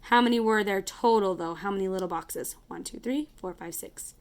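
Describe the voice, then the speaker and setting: A woman's voice: medium pitch, normal speed. Woman, elementary math teacher; casual, chatty, self-correcting, counts aloud while drawing. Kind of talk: casual math lesson to kids.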